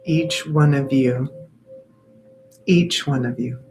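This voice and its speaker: A woman guiding a group contemplation, speaking in a soothing, repetitive way with gentle affirmations. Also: rumbling low, takes it slowly, slight background noise, poor audio. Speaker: sound healing facilitator. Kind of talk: guided contemplation.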